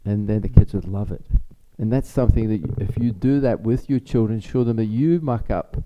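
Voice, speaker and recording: A man's voice: on the low side, brisk, heavy background noise. A man presenting at a parenting seminar in a chatty, informal teaching style, often acting out bits of dialogue. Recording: slightly dull lo-fi sound.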